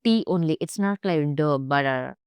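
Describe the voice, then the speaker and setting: A woman's voice: low-pitched, moderate pace, clean tone, no room sound. A young woman teaching German pronunciation, speaking carefully and repeating each sound for learners. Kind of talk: pronunciation lesson.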